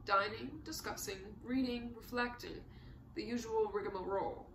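Woman playing a witty male count, dry and droll, fairly high voice, roomy echo. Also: steady tone, moderate pace, a bit bright, slight background noise.

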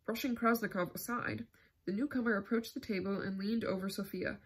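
Husky-voiced woman reading a novel. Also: mid-range voice, steady tone, a little fast. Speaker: audiobook narrator. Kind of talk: scripted narration.

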